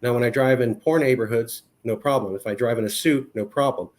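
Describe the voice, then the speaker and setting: A man's voice: medium pitch, brisk. A man talking as a podcast guest, impassioned and emphatic, hammering his points home through repetition. His voice sits in a middle register and climbs as he pushes an argument. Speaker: podcast guest, movement advocate. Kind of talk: heated conversational argument.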